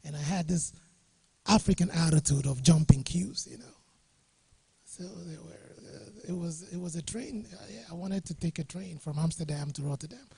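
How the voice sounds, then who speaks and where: A middle-aged man, speaking in a low, dark, husky voice with some gravel in it. He tells stories in a jovial way and laughs at his own points. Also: moderate pace. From Ghana. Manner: jovial storyteller, chuckling often. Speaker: guest speaker. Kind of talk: anecdotal talk to a workshop audience. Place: studio or workshop room.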